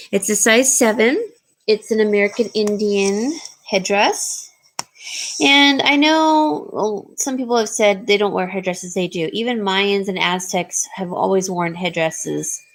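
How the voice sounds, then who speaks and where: Slow, rambling woman selling jewelry. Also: mid-range voice. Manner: rambling, with frequent ums and restarts. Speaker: jewelry seller. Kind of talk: casual jewelry showcase talk.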